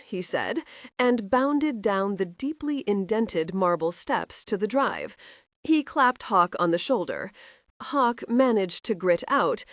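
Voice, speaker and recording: Expressive woman audiobook narrator. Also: mid-range voice, slow, no echo, studio quality. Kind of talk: scripted narration.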